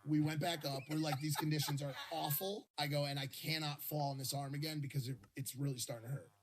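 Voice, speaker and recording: A man in a casual podcast chat, talking haltingly with lots of fillers and restarts. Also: on the high side, steady tone.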